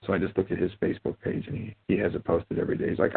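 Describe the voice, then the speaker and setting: A man's voice: low-pitched, little pitch movement, very fast, vocal fry, few pauses, husky. A man hosting a casual live show, telling rambling, profane, joking stories. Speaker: host. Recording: tinny phone-like sound.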